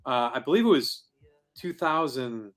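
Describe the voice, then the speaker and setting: In a casual podcast interview, a man explains how he started a comic convention, earnest and rambling as he goes. His mid-range voice is animated, slightly slow, and a bit bright.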